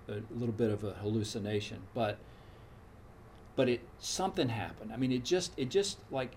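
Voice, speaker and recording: A man's voice: medium pitch, a little mellow, a little hiss or hum. A man in his sixties telling a frank personal story in a casual, meandering, reflective way. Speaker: storyteller recounting his path to meditation.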